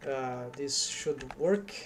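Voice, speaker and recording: A 3D artist streams his work, thinking aloud slowly and hesitantly as he models. His mid-range voice is expressive while he mutters half-finished thoughts, with a little hiss or hum in the background.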